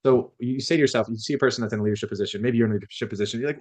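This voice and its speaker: A man's voice: mid-range voice, rapid-fire, hardly any pauses, darkish tone, lo-fi sound. A man lecturing a class on leadership, talking conversationally, often restarting and acting out quotes.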